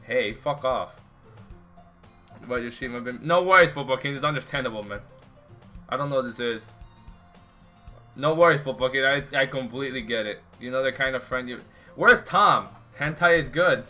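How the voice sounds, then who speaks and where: This young streamer's game commentary is casual and exasperated, full of rambling and swearing aimed at chat and friends. His mid-range voice has a sharp tone, moderate pace and frequent pauses, with faint music behind it.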